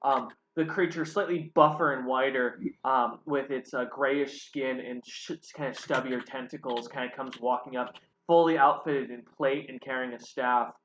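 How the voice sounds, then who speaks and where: A man's voice: mid-range voice, fairly even intonation, moderate pace, hardly any pauses, fairly bright tone. A man narrating a tabletop game as game master, rambling with many fillers, in a roomy, slightly dull recording.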